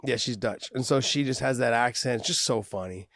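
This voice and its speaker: A man's voice: medium pitch, brisk, vocal fry, fairly bright tone, dry recording, studio quality. A man hosting a podcast in casual chat, easygoing and rambling, swearing freely. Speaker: podcast host.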